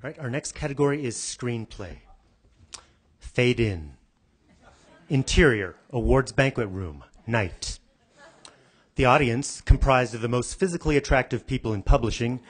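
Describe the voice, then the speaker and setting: A man emceeing an awards ceremony, reading a comic screenplay-style scene in a deadpan way to a banquet crowd. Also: medium pitch, husky. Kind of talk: comic scripted reading to a live audience. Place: banquet hall stage.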